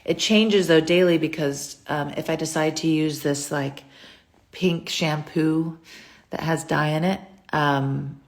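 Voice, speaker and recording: A woman's voice: low voice, steady tone, slow. A young woman from the US, casually chatting on a phone live stream and answering viewer questions in a rambling way, with lots of fillers. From United States.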